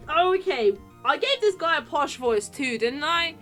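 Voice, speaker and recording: A woman streaming a video game, chatting casually with viewers in a giggly, excitable way. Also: high voice, moderate pace, few pauses, faint music behind. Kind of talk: casual live-stream commentary.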